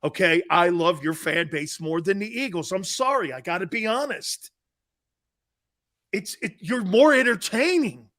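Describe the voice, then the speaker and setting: This fifty-something male sports show host has a high-pitched, unhurried voice. On his casual live stream he banters animatedly, often laughs, and reads the viewer chat aloud.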